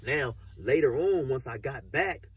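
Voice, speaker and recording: Husky man telling a rambling story. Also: mid-range voice, expressive, unhurried. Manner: rambling, repeats fillers like "you know, like I say". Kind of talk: casual storytelling.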